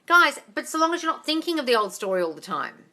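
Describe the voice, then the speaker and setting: A woman's voice: high-pitched, big pitch swings, quick pace, sharp tone. A woman coaching viewers on a live stream, reading out their comments and answering bluntly, swearing casually and calling them darling.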